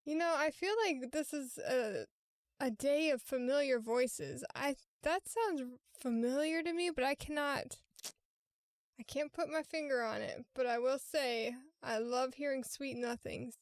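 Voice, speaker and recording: High-voiced playful woman co-host. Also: a little slow, no room sound, studio quality. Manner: playful, giggly. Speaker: podcast co-host. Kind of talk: casual podcast chat.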